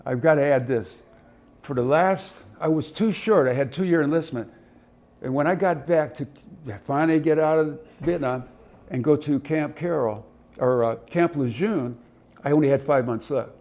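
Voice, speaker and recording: A man's voice: on the high side, moderate pace. A man in his seventies from Ohio, a military veteran telling stories in an oral history interview, acting out voices and sounds as he goes. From Ohio, USA. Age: older, 70s. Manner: animated anecdotes, acts out voices and sounds.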